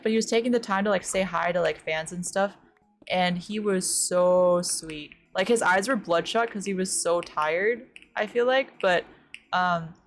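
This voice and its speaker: Chatty young American woman streamer. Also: on the low side. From US West Coast. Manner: chatty, says "like" a lot, startled gasps and squeals while playing. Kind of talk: casual chat while gaming.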